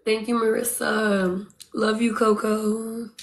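A woman with a bright, higher-pitched voice chatters casually on a live stream. She keeps hyping her viewers, urging them to send more gifts and thanking each one by name. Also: level tone, slow, vocal fry. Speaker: livestreamer.

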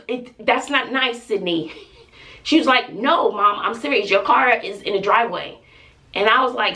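A woman's voice: medium pitch, pushed and bright, far from the mic. A woman in her forties with a Texan accent, a family vlogger venting to her viewers in an emphatic, exasperated storytelling way. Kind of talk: venting to camera.

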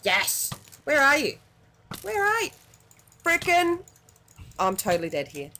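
Brief: Australian woman, gaming host, very lively pitch, unhurried talk, faint hiss behind. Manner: excitable, swings between muttering and yelps. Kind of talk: casual gameplay commentary.

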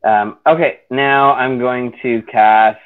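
A man's voice: mid-range voice, steady tone, takes it slowly, clear, resonant tone. A man playing a tabletop game online, hesitant and self-mocking, swearing casually at his bad luck. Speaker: player. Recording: tinny phone-like voice chat line.

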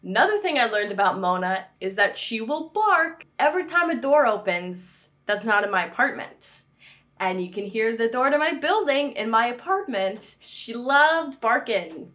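A woman's voice: on the high side, big pitch swings, normal speed, sharp tone. A woman hosting a faith vlog from her apartment, chatting casually with jokey, playful asides. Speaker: faith video host.

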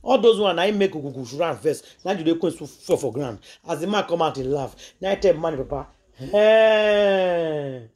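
A woman's voice: low voice, expressive, brisk, few pauses, darkish tone, husky. A woman with a Nigerian accent, a vlogger telling a story to her followers in an emphatic way and acting out the quoted voices.

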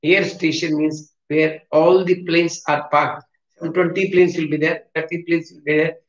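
A man's voice: a little high, level tone, moderate pace. A man with a South Indian English accent teaching vocabulary in a classroom, spelling words letter by letter and repeating himself. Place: classroom with a board. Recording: roomy, distant, dull classroom recording.

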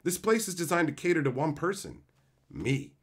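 A man's voice: on the high side, very animated, normal speed. A man streaming live, ranting in an exasperated, profane way about entitled viewers. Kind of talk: livestream rant.

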